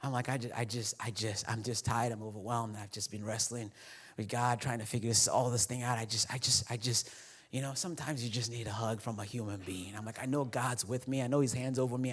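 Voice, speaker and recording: A man's voice: medium pitch, brisk, husky. A man preaching a casual, conversational sermon as pastor, telling a personal story and acting out the dialogue, dropping to whispers and breaking into laughs. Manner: animated, confessional, acts out dialogue with whispers and laughs. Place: church auditorium.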